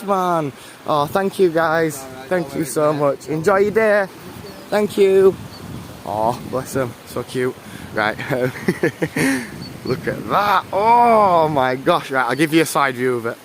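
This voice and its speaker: A man's voice: a little high, a little hiss or hum. A young man with a northern English accent, chatting casually to viewers while walking outdoors on a livestream. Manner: chatty, rambling, thanks viewers warmly. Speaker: live-streamer. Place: outdoors walking through a town. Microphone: handheld phone camera.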